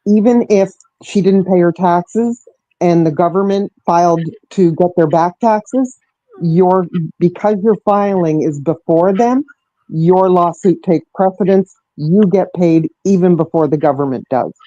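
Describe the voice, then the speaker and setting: A woman's voice: on the low side, measured pace, warm tone, dry recording. A woman calling into a livestream panel on speakerphone, explaining things firmly. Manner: firm, explanatory. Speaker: panel caller. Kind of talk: casual livestream panel chat. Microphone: phone on speakerphone. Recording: dull speakerphone audio.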